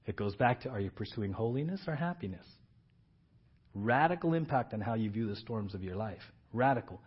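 A male pastor preaching a sermon in a casual, animated storytelling way with everyday slang. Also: fairly low pitch, a little fast, husky, muffled recording.

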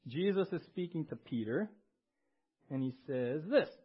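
A man's voice: fairly high pitch, expressive, a little slow, breathy edge. A male pastor preaching a conversational sermon, often checking in with the congregation and having them respond. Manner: conversational, tags lines with "right?" and has the congregation respond. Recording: dull lo-fi recording.

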